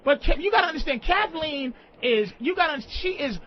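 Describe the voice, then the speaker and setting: A man hosting a call-in radio show, loud, profane and excitable, constantly interrupting. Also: very high voice, fairly quick. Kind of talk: crude call-in radio banter. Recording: dull lo-fi radio audio, faint hiss.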